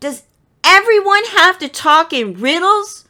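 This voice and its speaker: Woman doing a squeaky little male quoll. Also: expressive, drawn-out words, pushed and bright, exaggerated voice. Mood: exasperated. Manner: squeaky, impatient. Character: small excitable male quoll.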